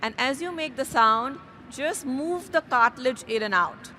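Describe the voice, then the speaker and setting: A woman yoga instructor calmly guiding a class outdoors through breathing exercises, speaking slowly and gently. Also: high voice, faint music behind. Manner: calm, slow, gently instructive. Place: outdoors in a city square.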